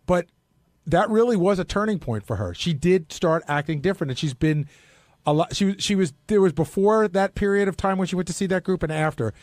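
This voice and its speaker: A longtime regular on the show, this man needles his colleagues with wry remarks in a voice that sits a bit high. It comes through a close, dry studio mic. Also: animated, fairly quick, darkish tone, dry recording. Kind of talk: casual studio chat.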